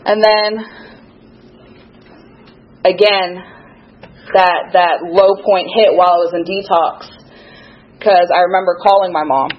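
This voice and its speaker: A woman's voice: fairly low pitch, fairly even intonation, slow pace, long pauses, highs cut off. A young woman giving a candid, self-deprecating recovery testimony, laughing at her own past. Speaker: recovery speaker sharing her story.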